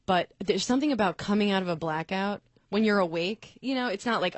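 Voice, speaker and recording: A woman's voice: mid-range voice, a little fast, no echo. Woman telling bawdy stories on a talk show. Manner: animated storyteller, acts out voices. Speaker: guest. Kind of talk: casual comedy chat.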